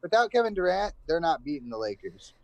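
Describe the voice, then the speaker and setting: A man's voice: a little high, sing-song, fairly quick, no room sound. A young man co-hosting a casual sports chat, blunt and opinionated, casually swearing. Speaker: podcast co-host.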